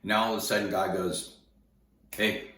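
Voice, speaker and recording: A man's voice: sits low, moderate pace, recorded from a distance, a little hiss or hum. A middle-aged man telling a personal story in a casual vlog, rambling and repeating words as he acts out what people said. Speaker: vlogger telling his story. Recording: echoey room, voice set back from mic.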